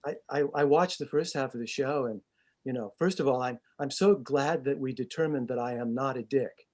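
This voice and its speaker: A stage actor in a relaxed interview, speaking over a video call in a mid-range male voice. He talks casually and pokes fun at himself, often restarting his sentences. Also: medium pitch, moderate pace. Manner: chatty and self-deprecating, with many restarts.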